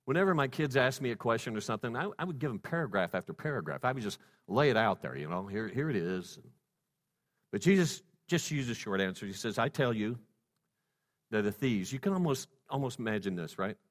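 A male pastor preaching a sermon, swinging from loud exhortation to hushed softness and stacking rhetorical questions. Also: mid-range voice, expressive, brisk. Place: church sanctuary. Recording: long reverb in a church hall.

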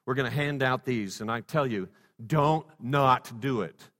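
A male pastor preaching a sermon, swinging from loud exhortation to hushed softness and stacking rhetorical questions. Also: medium pitch, a little slow. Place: church sanctuary. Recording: long reverb in a church hall.

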